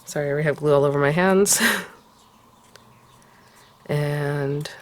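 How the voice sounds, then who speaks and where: A woman's voice: low voice, unhurried. Chatty woman gushing over crafts. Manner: chatty and gushing, often softly cooing over cute details. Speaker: card-making tutorial host. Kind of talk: casual crafting tutorial talk.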